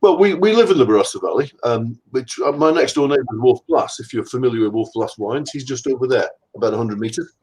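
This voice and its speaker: A man's voice: medium pitch, expressive, fast talker, few pauses, a little mellow, slightly rough, poor audio. Blunt, chatty man in his sixties. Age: 60s. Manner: blunt, self-mocking and chatty. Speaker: anatomist guest. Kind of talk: casual interview chat.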